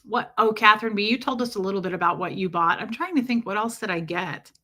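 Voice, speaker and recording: A chatty woman hosts a casual livestream and answers her viewers' comments by name. Her voice is bright and forward, with a medium pitch. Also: quick pace. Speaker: livestream host. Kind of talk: casual live-stream chat.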